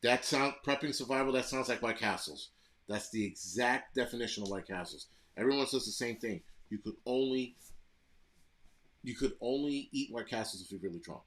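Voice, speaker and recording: A man's voice: medium pitch, normal speed, fairly bright tone. A man from the United States hosting a live stream, ranting bluntly and profanely while answering chat comments. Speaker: livestream host reading chat.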